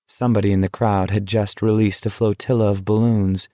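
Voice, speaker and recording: A man with a fairly low voice narrates an audiobook, telling the story in a measured, even way. The scripted narration has clean studio sound and no echo.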